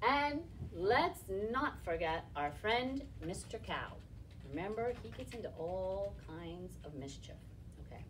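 A woman's voice: mid-range voice, animated, unhurried, distant mic, slight background noise. A woman leading a library storytime for toddlers, singing nursery rhymes and cheering the children on in a sing-song voice. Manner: sing-song, encouraging, speaks to small children. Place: library room, indoors.

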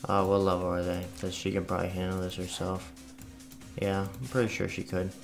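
Casting: chatty male gamer commentating, low and gravelly, faint music under. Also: flat delivery, brisk. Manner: offhand, chatty. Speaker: gaming channel host. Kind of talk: casual gameplay commentary. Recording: faint game music behind.

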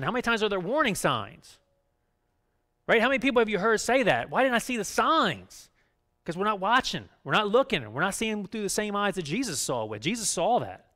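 Man preaching with frequent "right?" asides. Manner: swings between raised emphatic lines and low quiet ones. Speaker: pastor. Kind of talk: sermon.

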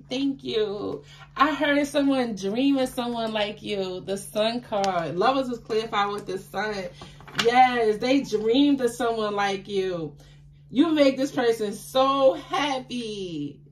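A woman giving a tarot card reading to her viewers, chatty and affectionate, with excitable bursts of laughter and exclamations. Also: on the high side, slow. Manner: chatty, affectionate, calls listeners baby.

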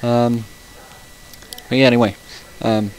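A chatty man talks his way through a gaming session at a middle pitch. He rambles through stories and breaks off now and then to react to what happens in the game. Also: flat delivery, slow, darkish tone, a little hiss or hum, poor audio. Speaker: gaming channel host. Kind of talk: casual let's-play commentary.

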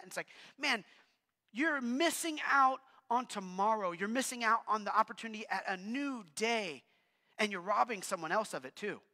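A male pastor preaching a sermon in a casual, animated way, with asides to the congregation. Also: very high-pitched. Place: church hall. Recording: long hall reverb.

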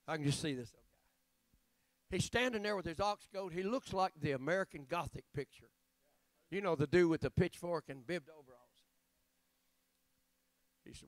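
A man preaching a revival sermon as guest preacher, telling folksy stories that break into shouting. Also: on the high side, normal speed, long pauses, no echo. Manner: folksy storytelling, bursts of shouting.

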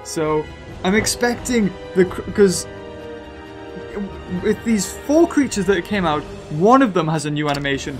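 A British man giving excitable gameplay commentary as a gaming video host, gushing and laughing between lines. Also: high-pitched, measured pace, over music.

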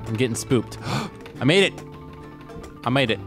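A young man co-playing a game, making jokey, teasing commentary that bursts into shouts. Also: mid-range voice, lively intonation, measured pace, long pauses, faint music behind. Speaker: guest co-player. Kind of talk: casual gameplay commentary.

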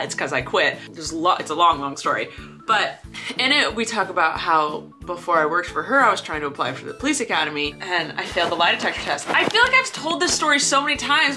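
Lively bright-voiced young woman vlogger. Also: lowish voice, brisk, soft background music. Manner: animated, laughs often, acts out both sides of a story. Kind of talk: casual vlog storytelling.

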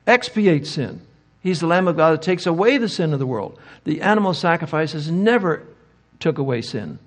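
A man's voice: on the high side, gravelly. An older man speaking at a Bible conference, answering audience questions with emphatic rhetorical questions. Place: conference hall.

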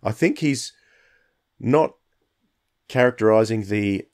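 A man's voice: lowish voice, slow, a little mellow. A man co-hosting a podcast, reviewing a story in hesitant casual chat. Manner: hesitant, many ums and uhs. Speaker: podcast co-host.

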